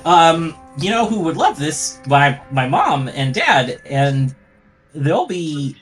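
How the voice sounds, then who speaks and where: Player as a clumsy earnest young guy, slow-spoken, off-mic, lively pitch, faint music. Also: rough recording. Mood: earnest, awkward. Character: awkward young man Everett, wounded but brave.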